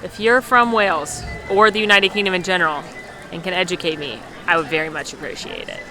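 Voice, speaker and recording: A woman's voice: lowish voice, very animated, brisk, pushed and bright. A woman hosting a casual walking-tour vlog outdoors at a theme park, chatty and upbeat, joking and correcting herself as she goes. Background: music.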